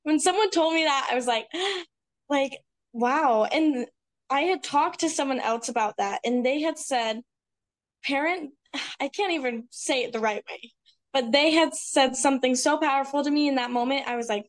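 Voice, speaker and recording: Woman, podcast guest, casual talk, earnest and reflective, fairly high voice. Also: normal speed. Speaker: speaker at a women's retreat. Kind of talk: casual conversation.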